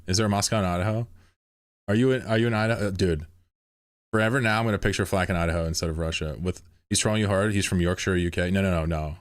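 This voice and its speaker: Low, dry-voiced man ranting sarcastically. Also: quick pace, no echo. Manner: sarcastic, mock-indignant ranting. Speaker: game streamer. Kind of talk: casual livestream banter with chat.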